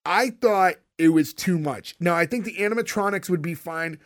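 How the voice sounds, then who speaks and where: A man's voice: sits high, normal speed. A man hosting a casual podcast, rambling with many fillers and restarts as he recaps a sitcom.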